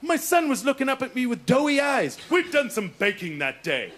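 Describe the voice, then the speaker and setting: A man's voice: very high voice, very animated, moderate pace. A man telling a self-mocking stand-up story in a frantic manner, flipping into silly voices, recorded in a noisy studio. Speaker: stand-up comedian.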